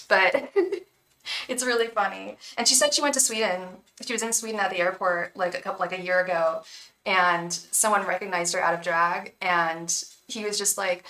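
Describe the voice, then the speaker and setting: A woman's voice: mid-range voice, pushed and bright, distant mic. A woman who reads tarot on a livestream, chatting casually and encouragingly to viewers, repeating words and using many fillers. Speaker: tarot reader and psychic on a livestream. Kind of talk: casual chat to live viewers. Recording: roomy echo, voice away from the mic.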